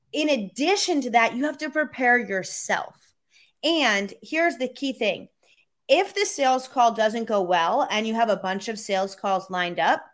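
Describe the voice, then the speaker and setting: A woman sales coach, a guest in an interview, telling stories and giving advice in a lively, conversational way. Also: on the high side. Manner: animated storyteller, acts out quoted voices.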